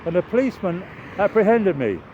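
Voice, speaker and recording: An older man vlogging on an outdoor walk, chatty and meandering, with bursts of excitement. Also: high-pitched, fairly quick. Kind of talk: rambling walking vlog. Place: outdoors near a railway. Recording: dull lo-fi outdoor recording with traffic noise.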